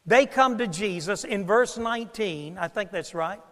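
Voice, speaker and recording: Preaching at a normal speed, a high-voiced pastor moves through scripture, his sermon echoing away in a long hall reverb. He shifts between booming, emphatic statements and quiet, murmured asides to the congregation.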